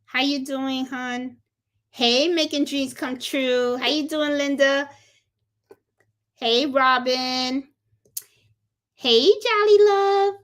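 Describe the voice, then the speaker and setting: A woman's voice: high-pitched, flat delivery, slow, a bit bright. A middle-aged woman from Puerto Rico hosting a casual crafting livestream, chatty and greeting viewers one by one from home. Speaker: crafting channel host.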